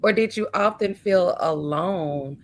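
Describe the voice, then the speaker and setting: A woman hosting a grief podcast, asking a guest gentle questions and affirming her answers. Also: lowish voice, measured pace. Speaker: podcast host. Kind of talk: interviewing a guest.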